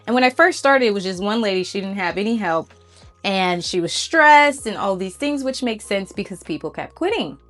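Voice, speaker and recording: A woman vlogger talking to her viewers, telling a story in a casual, animated and encouraging way. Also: medium pitch, normal speed, faint music behind.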